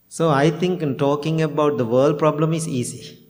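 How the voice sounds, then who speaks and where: Chuckling monk giving a homely talk. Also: male voice, on the high side, darkish tone. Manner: plain simple phrasing with chuckles, acts out both sides of conversations. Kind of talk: informal dharma talk to a temple group.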